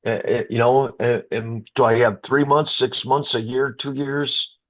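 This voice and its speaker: A man's voice: medium pitch, steady tone, unhurried. A middle-aged man from the Chicago area, a rock singer, telling an emotional story in an interview, stumbling and restarting and getting choked up. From Chicago area, USA.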